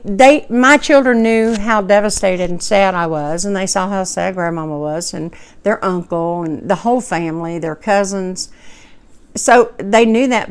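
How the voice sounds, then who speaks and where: Middle-aged woman, folksy, rambling storyteller with a smooth, clear voice. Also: mid-range voice. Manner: rambling, self-correcting, folksy. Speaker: cooking channel host telling a personal story. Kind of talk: casual personal storytelling.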